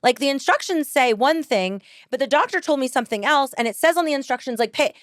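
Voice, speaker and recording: Podcast host, woman, casual storyteller; slightly high voice, close dry mic, lively and quick to laugh. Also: no room sound. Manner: animated, laughs often, quotes people in voices.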